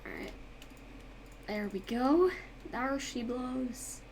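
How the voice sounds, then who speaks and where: A woman's voice: sits high, slow pace, a little mellow. A young woman chatting casually while she draws on a stream, reading chat aloud and telling stories with sudden dramatic outbursts. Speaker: art and gaming YouTuber. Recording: faint background noise.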